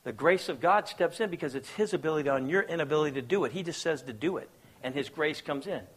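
This pastor's sermon comes fast and animated, with a breathy edge to his voice. He tells stories, voices the people he quotes, and asks the crowd whether they follow, shifting between soft low asides and loud raised bursts.

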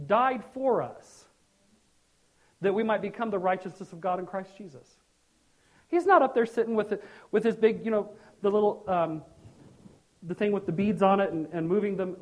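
A middle-aged man preaching a sermon as pastor, animated and joking, with sudden loud bursts. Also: sits high.

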